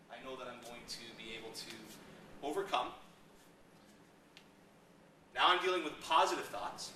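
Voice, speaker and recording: A middle-aged man speaking at a seminar, lively and acting out little scenes as he makes his points. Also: high-pitched, slight background noise. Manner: animated, acts out little scenes in raised voices. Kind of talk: motivational seminar talk. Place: seminar room. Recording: echoey room, mic from a distance.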